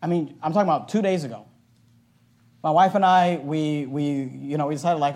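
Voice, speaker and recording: A middle-aged man preaching a sermon as a pastor, telling a personal story in a loud, emphatic, conversational way with asides. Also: fairly high pitch, a little fast.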